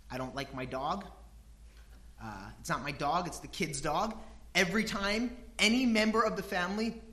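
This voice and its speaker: A middle-aged man delivers a lively sermon in a bright, forceful voice. He swings from quiet, low asides to loud, emphatic peaks. He slips into homely stories about his family to make his point. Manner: animated, emphatic, swings between hushed and loud. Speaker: pastor.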